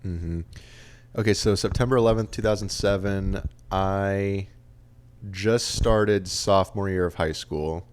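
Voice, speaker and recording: Chatty low-voiced male podcast host. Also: fairly even intonation, unhurried, smooth. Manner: chatty, reads out stats and quotes. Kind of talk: casual chat.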